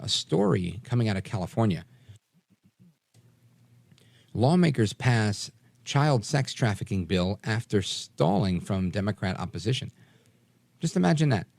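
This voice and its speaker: A fairly low-voiced man in his forties hosts late-night talk radio with a lightly softened New York accent. He speaks emphatically, with fillers and quick restarts, and the sound is close and dry. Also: vocal fry, no echo. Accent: New York, mostly softened. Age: 40s. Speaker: radio talk show host.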